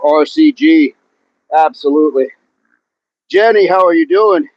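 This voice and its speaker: A man's voice: a little high, unhurried, highs cut off. Breathless man hosting an outdoor workout stream. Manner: breathless, greets chat viewers by name between reps. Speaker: fitness livestream host. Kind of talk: live workout chat with viewers. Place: outdoors at the bottom of a hill under a tree. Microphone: phone propped against a tree.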